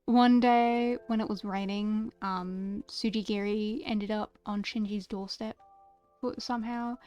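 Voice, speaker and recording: A woman's voice: mid-range voice, fairly even intonation, takes it slowly, a little mellow, smooth, soft background music. A young woman streamer chatting casually and gushing about favorite characters, stammering and repeating words often.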